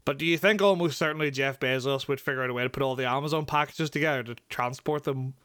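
A man's voice: medium pitch, fast, a bit bright, no echo. Giggly man, dry close sound. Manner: giggly, rambling. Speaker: podcast co-host. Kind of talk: casual comedic chat.

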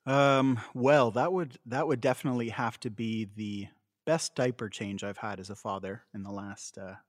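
A man's voice: medium pitch, normal speed, dry recording, studio quality. A man in casual podcast chat, telling playful anecdotes about being a new father. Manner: playful storytelling, animated. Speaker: podcast co-host.

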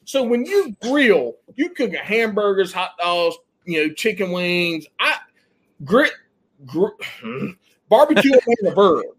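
A man from South Carolina with a Southern accent, swearing freely as he tells loud, animated stories as a podcast guest. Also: high-pitched, slow pace, husky. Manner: loud, animated storytelling with heavy swearing and drawled Southern slang. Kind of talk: profane casual banter.

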